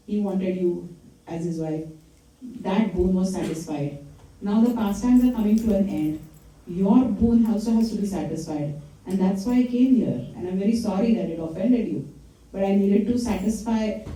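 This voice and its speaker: A woman with a medium-pitched, dark-toned voice speaks at normal speed during a temple lecture, telling scripture stories in a conversational style and quizzing the audience. The recording comes from a distant mic in an echoey temple hall.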